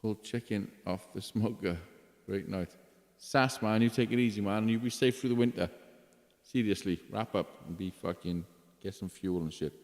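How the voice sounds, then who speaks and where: A man's voice: lowish voice, normal speed, a little mellow. A man who is a musician streaming live, chatting casually between songs and a little tipsy, rambling, swearing freely and talking to viewers by name. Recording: long reverb with guitar music behind.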